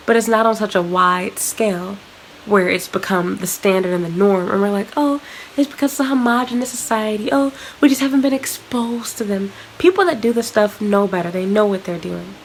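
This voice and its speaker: Young adult woman vlogger, exasperated and blunt, gravelly fry in her voice. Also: medium pitch, a little hiss or hum, low-quality recording. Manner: frank, exasperated ranting. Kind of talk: ranting vlog to camera.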